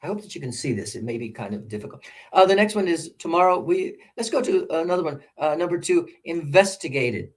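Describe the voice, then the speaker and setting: An older American man teaching English pronunciation, drawing out example words and swinging between loud and soft. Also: fairly high pitch, expressive, a little fast.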